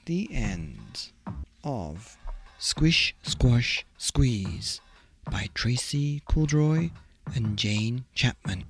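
A man reading a bedtime story aloud in a gentle, expressive, unhurried way. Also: medium pitch, faint music behind.

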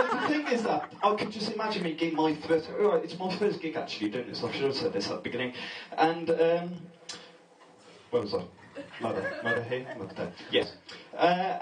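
A man's voice: fairly high pitch, background noise. Nervous young man doing stand-up in an echoey pub. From England. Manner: nervous, rambling, laughs at own jokes. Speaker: stand-up comedian. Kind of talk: stand-up comedy set. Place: pub function room with a live audience. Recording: distant echoey pub room recording.

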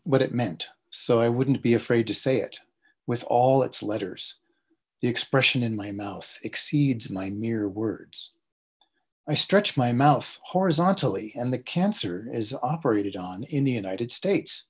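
Brief: male translator at a poetry reading, husky voice, measured recitation. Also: mid-range voice, animated.

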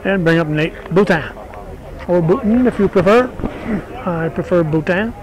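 A middle-aged man doing play-by-play for a local softball game in a relaxed, chatty way, correcting himself and making asides. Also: high voice, normal speed. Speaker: play-by-play announcer. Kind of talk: local sports commentary. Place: outdoor softball field. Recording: crowd noise at an outdoor ballfield.

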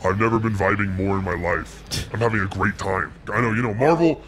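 A young man playing a laid-back slacker God, joking deadpan and rambling while gaming. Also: fairly low pitch, fairly quick, a little hiss or hum, lightly acted. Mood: casual. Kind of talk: improvised comedy while gaming.

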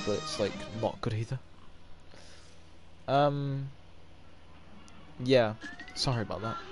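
Teen guy yelling at a video game, swears a lot, voice jumps all over, faint game music. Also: medium pitch. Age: teens. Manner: excitable, swearing, shouting at the game. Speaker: game streamer. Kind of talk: live gameplay commentary.

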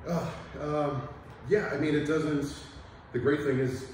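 A man who is an instructor, explaining a technique in a calm, measured way during a demonstration lesson. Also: on the high side, slight background noise. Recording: echoey room, mic at a distance.

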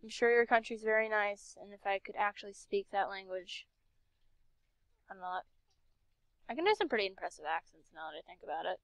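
A woman's voice: mid-range voice, fairly quick, pauses often, dry recording. A young woman commenting casually as she plays a game, chatty and sarcastic, talking to herself. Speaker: game streamer.

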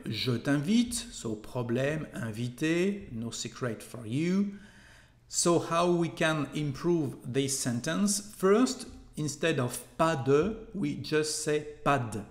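A man with a French accent, a native French speaker, patiently explaining pronunciation as a language teacher. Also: mid-range voice. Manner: patient, repeats phrases for learners to copy. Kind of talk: slow instructional explanation. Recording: echoey room.

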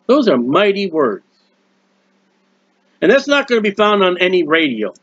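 High-voiced man preaching excitedly at home. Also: normal speed, slightly rough, no room sound. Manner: animated, rambling, exclamatory. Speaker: preacher of a hymn channel. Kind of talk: impassioned home sermon. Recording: dull lo-fi dry sound.

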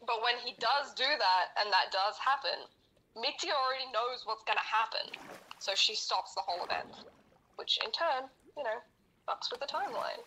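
A woman's voice: a little high, animated, moderate pace, bright, forceful tone, slight background noise, poor audio. A woman co-hosting a podcast, retelling a story in casual chat. She rambles, laughs and swears heavily. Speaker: podcast co-host.

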